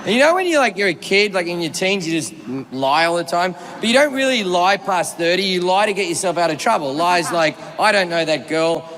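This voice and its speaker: A man's voice: sits high, sing-song, fairly quick, hardly any pauses, a bit bright. A man in his forties doing live stand-up, telling a long story with profanity and acted-out quotes. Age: 40s. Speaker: stand-up comedian. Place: comedy stage before an audience. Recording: echoey hall with room noise.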